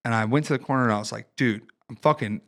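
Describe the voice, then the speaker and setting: A man's voice: mid-range voice, rapid-fire. Profane storytelling Ohio man. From Ohio, United States. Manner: profane, animated storytelling with acted-out quotes. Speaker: podcast guest, fighter and Marine veteran. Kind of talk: casual storytelling chat.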